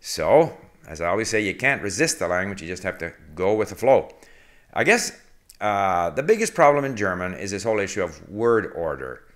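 A man's voice: sits low, sing-song, a bit bright. A man hosting a casual spoken language lesson, rambling with fillers and self-corrections and translating passages word by word. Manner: reads foreign passages slowly and translates word by word. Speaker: language learning video host.

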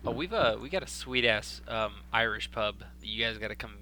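A young man from Texas telling a story in casual chat, animated and swearing freely. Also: on the low side, brisk. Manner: animated, swearing, acts out voices in his story. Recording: faint background hum.

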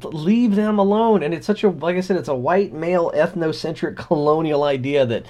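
Sardonic, animated male podcast co-host. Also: on the high side, fairly quick. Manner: animated storyteller, sardonic and irreverent. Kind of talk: casual podcast chat.

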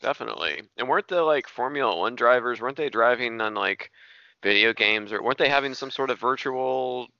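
Bright, crisp-voiced jokey host. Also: male voice, mid-range voice, brisk, no room sound. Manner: jokey, laughs often, self-deprecating. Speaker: podcast host. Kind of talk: casual chat. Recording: dry, slightly dull lo-fi sound.

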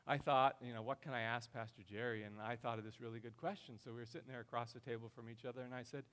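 A middle-aged man preaching a sermon with passion, his voice swelling loud and high as he drives his points home. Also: steady tone, fast. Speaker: pastor.

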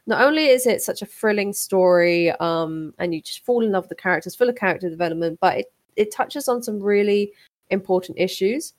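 A woman with a mid-range voice talks excitedly on a casual podcast. She fills her sentences with ums and restarts as she gushes. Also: mid-range voice, brisk. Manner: enthusiastic, many ums and restarts. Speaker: podcast co-host. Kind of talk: casual chat.

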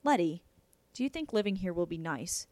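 A woman's voice: fairly low pitch, lively intonation, normal speed, dark tone, dry recording, lightly acted. A woman voicing a timid, gloomy twelve-year-old boy with a British accent. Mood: glum. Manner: gloomy, whiny.

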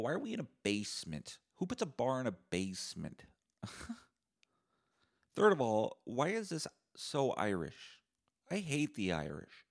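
Young man, from Canada, podcast host, sarcastic profane rant, lowish voice, lively pitch swings. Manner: sarcastic, profane, animated ranting. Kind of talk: solo comedic rant.

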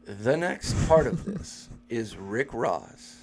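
A man co-hosting a podcast, telling a story in casual chat that is animated, full of swearing and broken by laughter. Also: mid-range voice, slow, gravelly, slight background noise. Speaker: podcast co-host.

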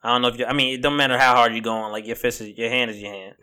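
A man's voice: medium pitch, steady tone, racing, sharp tone. A young man co-hosting a podcast, talking in loose, profane, laughing banter. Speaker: podcast co-host. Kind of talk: casual chat.

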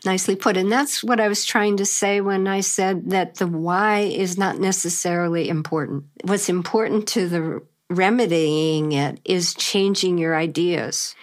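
A middle-aged woman with a cold co-hosting a podcast with her daughter, speaking huskily and giving calm, thoughtful advice. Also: on the low side. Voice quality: husky from a cold. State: has a cold. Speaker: co-host, the host's mother. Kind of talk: casual chat.

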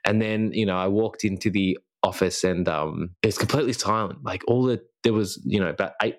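A young man chatting casually on a podcast, recounting a school visit with lots of restarts and acted-out snippets of dialogue. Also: low voice. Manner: rambling with frequent restarts and self-corrections; acts out remembered dialogue. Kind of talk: casual chat.

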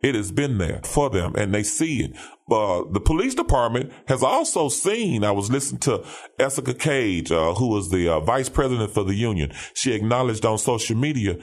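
A man's voice: mid-range voice, big pitch swings, normal speed. A man, a pastor and police officer, talking in an emphatic preaching cadence, repeating phrases and checking in with "all right?". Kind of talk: conversational commentary with preaching cadence.

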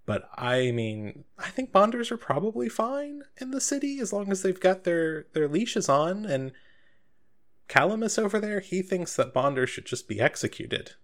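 A man's voice: high-pitched, very animated, moderate pace, pitched above the performer's own voice. A man voicing a wary, flirtatious woman who used to hunt monsters, speaking in a nervous, confiding way in a tabletop game.

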